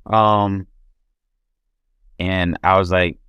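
A man's voice: low voice, flat delivery, drawn-out words, a bit bright, clear, resonant tone, dry recording. A young man casually telling his life story as an interview guest, loose and rambling with many restarts.

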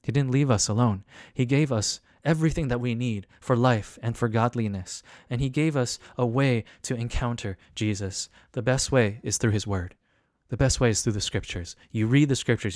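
A male pastor delivers a sermon in an earnest, repetitive way, lifting his voice on the questions he wants his listeners to answer. His pitch sits in the middle range. The sound is dry and close, with no room echo. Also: normal speed, darkish tone. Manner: earnest, repetitive, rising emphasis on key questions. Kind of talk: online sermon.

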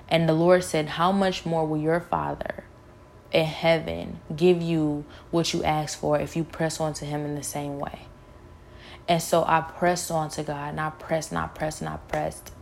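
A woman sharing an earnest spiritual testimony, her voice low and gravelly with a flat, steady pitch. She often repeats phrases for emphasis, and faint noise sits behind her. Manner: earnest, emotional, repeats herself.

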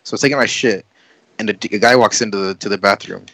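A young man telling a crude story to friends, swearing and animated. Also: fairly low pitch, quick pace, dry recording, rough recording. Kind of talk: casual storytelling among friends.

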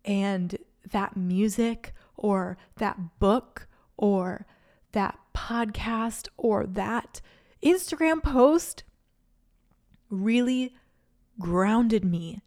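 Woman host, solo podcast reflection, unhurried and earnest, thinking aloud into a mic. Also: medium pitch, darkish tone. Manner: earnest, faith-filled, rambling stream of consciousness. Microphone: studio microphone.

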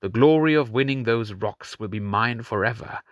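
A man voicing a mocking, cruel male pirate king who taunts slowly and slyly, with sudden high mocking lifts. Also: dry recording, dull audio, lightly acted. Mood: taunting.

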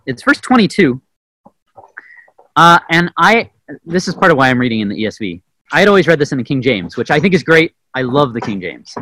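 A young adult man giving a conversational sermon, often asking "right?" and acting out quotes with sudden loud bursts. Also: mid-range voice, very animated, brisk, slight background noise, rough recording. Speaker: preacher. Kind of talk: informal sermon teaching.

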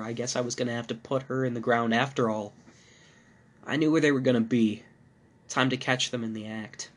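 A male podcast host narrating a first-person horror story in a measured, dark manner. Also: medium pitch, fairly even intonation.

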